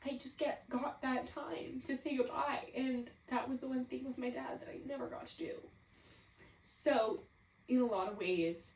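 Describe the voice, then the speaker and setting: A woman's voice: high-pitched, moderate pace, a little mellow, roomy sound, recorded from a distance, rough recording. A woman in her twenties hosting a solo podcast, talking reflectively and rambling with lots of "like.". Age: 20s. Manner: reflective, rambling, heavy use of "like". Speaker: podcast host. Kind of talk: casual solo podcast monologue.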